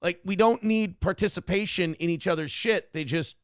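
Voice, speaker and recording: Swearing freely, a male morning talk show host tells animated stories in profane, casual conversation. His voice sits high at a normal speed, recorded in studio quality without echo.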